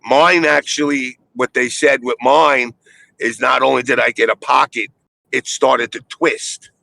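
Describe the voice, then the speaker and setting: Gravelly older man telling crude stories. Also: mid-range voice, steady tone, a little slow, bright, forceful tone, no room sound, poor audio. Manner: profane, rambling storyteller. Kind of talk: casual chat.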